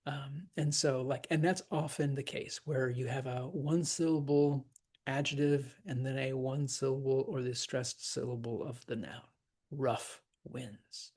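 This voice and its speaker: A woman's voice: very deep voice, steady tone, normal speed, dark tone, breathy edge. A woman teaching verse scansion in a casual lecture, chatty, with frequent fillers and laughter.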